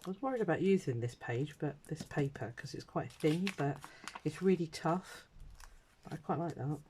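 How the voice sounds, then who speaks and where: Mellow-voiced woman chatting while crafting. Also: deep voice, animated, moderate pace, a little hiss or hum. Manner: chatty and self-deprecating, muttering asides, some whispered. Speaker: craft vlogger. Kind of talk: casual crafting chat while working.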